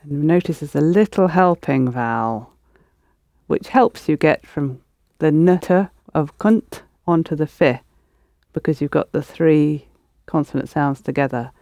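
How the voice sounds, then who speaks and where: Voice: medium pitch, unhurried, a little mellow, dry recording, clean studio sound. A teacher running a spoken Arabic lesson, patiently prompting students and explaining pronunciation.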